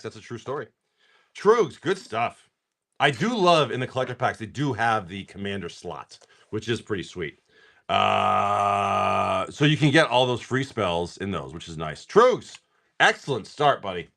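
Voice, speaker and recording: A tired man chatting on a live stream as he opens card packs, excitable, swearing and laughing, talking to viewers by name. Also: medium pitch. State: tired from poor sleep. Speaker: livestream card seller. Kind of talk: casual live-stream chat while opening card packs.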